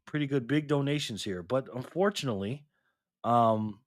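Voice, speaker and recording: A man's voice: medium pitch, normal speed, dry recording, clean studio sound. Laughing tired man hosting a livestream. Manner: laughs often, reads chat aloud. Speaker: livestream host. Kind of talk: casual livestream chat.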